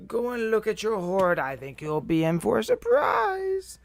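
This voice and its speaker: A man's voice: sits high, sing-song, measured pace, no echo, pitched above the performer's own voice, exaggerated voice. A man voicing a grumpy, boastful old male ape elder from a video game, reading the lines aloud. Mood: boastful scolding. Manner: gruff, boastful, scolding.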